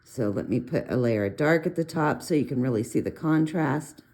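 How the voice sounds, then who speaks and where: A middle-aged woman casually talking through a colored pencil demo, chatty and rambling with animated asides. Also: rumbling low, moderate pace. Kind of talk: casual art tutorial talk.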